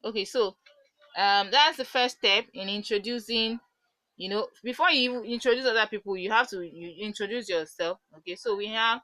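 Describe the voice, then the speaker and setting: Bright-voiced woman teaching French. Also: medium pitch, no echo, low-quality recording. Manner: patient, repeats words slowly for pronunciation. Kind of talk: online language lesson.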